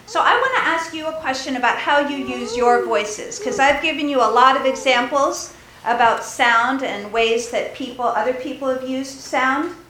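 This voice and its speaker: A woman with a high voice leads a children's sermon in a church. She teaches gently, asks questions and laughs easily. Her voice echoes through the large sanctuary over faint background noise. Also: moderate pace. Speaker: pastor giving a children's message.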